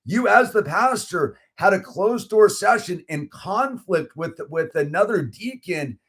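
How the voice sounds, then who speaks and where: A middle-aged man with a slightly high voice tells a story in loose, casual chat. He gets animated and heated, leans on "dude" and "like," and restarts his sentences often. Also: a little slow, breathy edge. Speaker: channel host.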